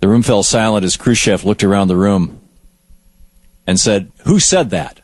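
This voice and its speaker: A man's voice: on the low side, steady tone, normal speed, no echo. A man hosting a talk show who delivers political commentary in an emphatic, storytelling way. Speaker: radio talk show host.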